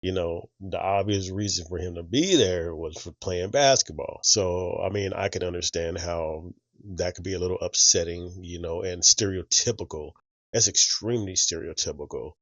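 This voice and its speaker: A man's voice: deep voice, moderate pace, fairly bright tone, dry recording, muffled recording. A man hosting a reaction channel, commenting in a conversational, reflective way and thinking aloud as he goes. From United States.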